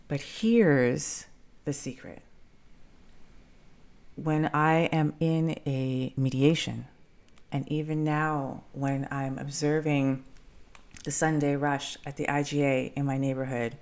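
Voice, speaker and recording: A middle-aged woman hosts a reflective podcast on her own, with a low voice. She talks in a loose, conversational way and now and then mimics frantic callers in quick, breathless bursts. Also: darkish tone. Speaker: podcast host. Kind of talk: reflective solo podcast monologue.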